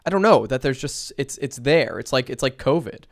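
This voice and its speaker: A man's voice: mid-range voice, lively intonation, fairly quick, no echo, clean studio sound. A young man co-hosting a podcast, talking casually in a loose, playful way that breaks into laughs easily. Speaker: podcast co-host. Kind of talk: casual chat.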